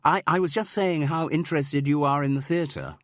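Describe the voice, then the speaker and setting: A man voicing a shrewd middle-aged woman amateur sleuth who talks in a brisk, coaxing way with small stammers. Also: on the high side, fairly even intonation, a bit bright, dry recording, studio quality, pitched above the performer's own voice, lightly acted.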